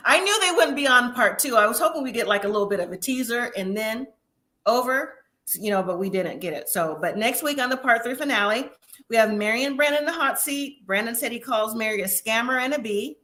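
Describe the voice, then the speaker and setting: Chatty, opinionated woman host with a bright, slightly high voice for a casual review stream. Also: expressive, fairly quick. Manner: chatty, opinionated, laughs often. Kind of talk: casual live review chat.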